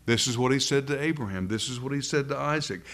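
Earnest preacher man, slowing for emphasis. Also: mid-range voice, fairly bright tone. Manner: earnest, emphatic, slows words for stress. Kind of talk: sermon. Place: room with a live congregation.

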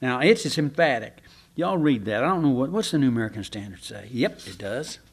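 A man's voice: medium pitch, lively intonation, a little fast, breathy edge. A man preaching a conversational sermon, folksy and chatty, asking the congregation questions and restarting his sentences. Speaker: pastor.

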